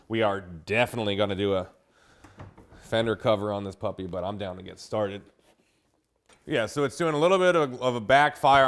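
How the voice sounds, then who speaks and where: A man hosting a car show, chatting casually and excitedly about tuning a car in a garage. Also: fairly low pitch, clean tone. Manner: upbeat, hypes the car, whoops when driving.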